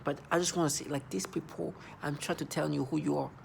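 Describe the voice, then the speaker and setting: Guy in his 30s ranting to camera, angry and repetitive, gravelly voice. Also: fairly high pitch, fairly even intonation, quick pace, a little hiss or hum. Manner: agitated, repetitive, accusing. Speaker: vlogger.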